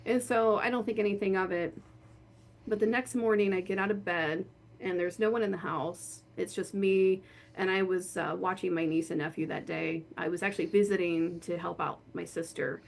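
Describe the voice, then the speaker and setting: A woman guest telling a personal story in a casual, animated way, laughing often and saying "like" a lot. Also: on the low side, normal speed, gravelly. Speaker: guest, horror author and spirit board practitioner.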